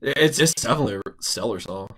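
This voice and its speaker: A man co-hosts a music chart podcast and talks in loose, excited bursts, often restarting his sentences. His tone is bright and pushy, and he acts out his own reactions in quoted asides. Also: medium pitch, quick pace, breathy edge. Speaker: podcast co-host. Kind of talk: casual chat.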